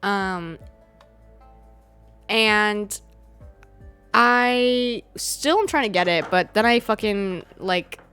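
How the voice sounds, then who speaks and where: A woman's voice: mid-range voice, lively intonation, very slow, long pauses, bright, forceful tone, smooth, faint music behind. A young American woman streaming, chatting casually with her live chat, laughing often and swearing freely.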